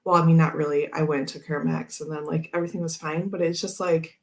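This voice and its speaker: A woman's voice: low voice, little pitch movement, quick pace, a little mellow. Rambling chatty woman host. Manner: rambling, filler-heavy storytelling with frequent laughs. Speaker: tarot channel host. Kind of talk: casual chat.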